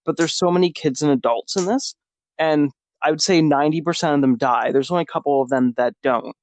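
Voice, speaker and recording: A man's voice: on the high side, fairly quick. A man co-hosting a podcast, reviewing a film in casual, rambling chat. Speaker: podcast co-host.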